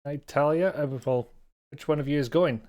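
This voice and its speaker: Chatty Scottish streamer, self-mocking. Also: male voice, on the high side, normal speed, a little mellow. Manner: rambling, self-mocking, chuckles often. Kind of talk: casual live-stream chat.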